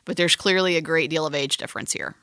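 Bright, teasing woman chatting. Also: deep voice, steady tone, fast, no room sound, studio quality. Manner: chatty, teasing, rambling with restarts. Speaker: podcast co-host describing a film. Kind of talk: casual chat.

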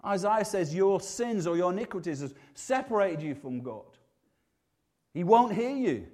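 A man's voice: sits high, very animated, unhurried, darkish tone. A man with a Yorkshire accent preaching a sermon in a conversational, humorous way, often restarting his sentences.

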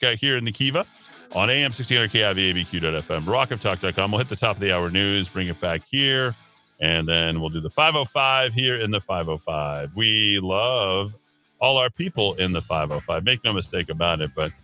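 A man's voice: fairly low pitch, expressive, a little fast, bright, forceful tone, faint music behind. A man hosting a talk radio show in casual banter, sarcastic, teasing and blunt, on a studio microphone.

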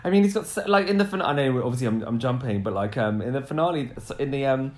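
A man's voice: mid-range voice, lively intonation, quick pace. A man co-hosting a casual recap podcast, camp and giggly, rambling with many restarts. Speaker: podcast co-host. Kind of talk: casual chat, reality show recap.

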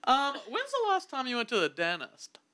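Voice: sits high, huge pitch swings, normal speed, noisy background. A podcast host in casual chat, playful and teasing, asking goofy questions.

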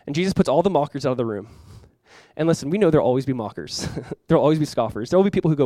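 A young man preaching a sermon as a pastor, conversational and animated, acting out quotes and laughing often. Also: on the high side, racing, no room sound.

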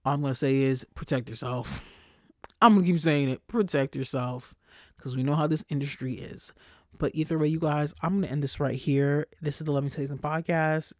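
This young adult podcaster's casual solo monologue moves fairly quickly, blunt and slangy with plenty of swearing. The voice goes high and loud in heated moments, and the dry recording has a clean studio sound.

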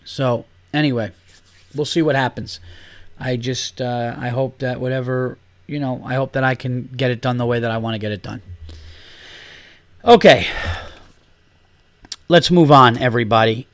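Profane ranting podcast host. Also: male voice, moderate pace, pauses often, no room sound. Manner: animated, profane ranting, swings loud and high when worked up. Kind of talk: solo podcast rant.

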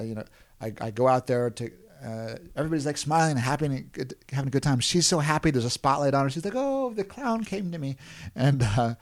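A man, a clown performer and podcast guest, telling stories in a casual interview. He rambles with many restarts and chuckles. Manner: acts out other people's panicked lines in a higher voice.

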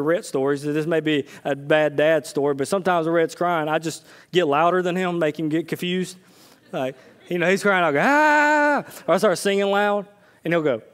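A male pastor preaches as if in conversation, his delivery swinging between excited, loud moments and quiet, low asides. Along the way he shares stories from his own life.

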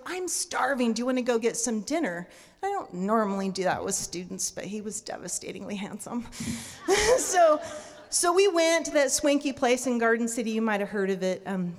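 Lively woman telling a stage story. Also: on the high side. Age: 30s. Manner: lively, laughing, acts out her own reactions. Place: stage before a live audience. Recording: long hall reverb.

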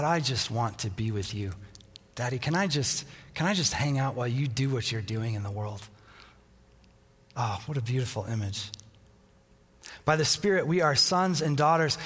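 A man preaching a sermon as pastor, earnest, repeating a refrain and dropping to a soft near-whisper. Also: mid-range voice. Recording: long reverb in a large hall.

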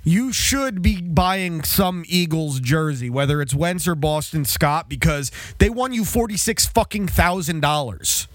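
A man's voice: a little high, measured pace, few pauses, dry recording. A man hosting a podcast in casual chat, swearing and teasing his guest. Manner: profane, teasing. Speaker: podcast host.

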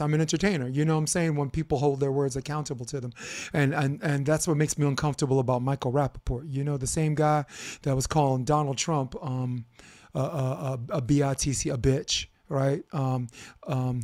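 A man's voice: medium pitch, a little mellow. A man co-hosting a sports debate podcast, arguing heatedly and rambling, often stumbling over repeated words. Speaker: co-host.

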